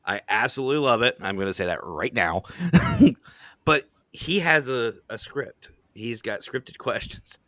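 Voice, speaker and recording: A man hosting a podcast, telling stories in a relaxed, joking way, swearing freely and laughing often. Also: mid-range voice, a little slow, dry recording. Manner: laid-back, swearing, laughing storyteller. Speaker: podcast host. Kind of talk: casual chat.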